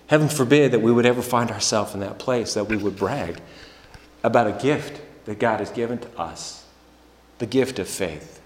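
A man preaching a sermon in a church, slow and deliberate, building to emphatic passages. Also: lowish voice. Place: church sanctuary. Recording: echoey hall with long reverb.

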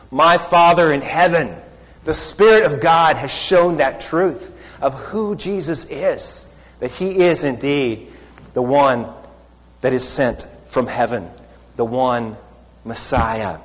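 A man preaching in a slow, deliberate sermon, voicing the people he quotes with lifts of emphasis. His voice sits at an ordinary pitch and rings with a long reverb, as from a large hall. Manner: unhurried preaching, acting out quoted lines with rising emphasis. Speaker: pastor.

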